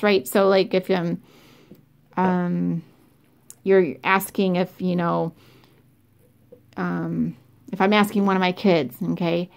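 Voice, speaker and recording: Friendly woman teaching a lesson. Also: mid-range voice. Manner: friendly, explaining with fillers and checks. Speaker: French teacher. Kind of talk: recorded remote lesson.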